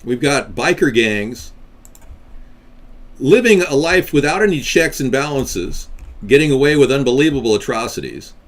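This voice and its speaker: A man's voice: mid-range voice, animated, moderate pace. A man hosting a political livestream in a casual, rambling way, with frequent restarts.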